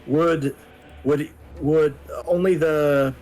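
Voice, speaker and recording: A man playing a tabletop game, thinking aloud in halting, casual talk about his moves. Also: fairly high pitch, fairly even intonation, a little mellow. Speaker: player.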